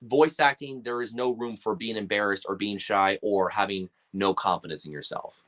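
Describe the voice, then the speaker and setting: A man's voice: on the low side, moderate pace. A man, a voice actor guest on a podcast, telling stories in casual chat and acting out quoted voices. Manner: animated, acts out quotes in voices.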